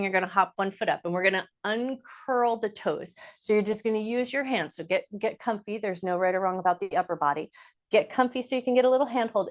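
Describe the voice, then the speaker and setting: Woman yoga teacher, mid-range voice, soft and easygoing as she talks a class through chair stretches. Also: medium pitch. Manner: calm, gentle step-by-step cueing; casual, with fillers like "like" and "just". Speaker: yoga instructor.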